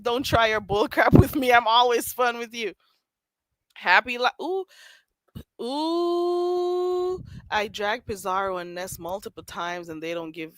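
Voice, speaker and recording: This livestream host keeps things casual, reading chat aloud, laughing frequently and teasing people by name. Her fairly high, slightly bright voice comes through a streaming mic in a dry but rough recording.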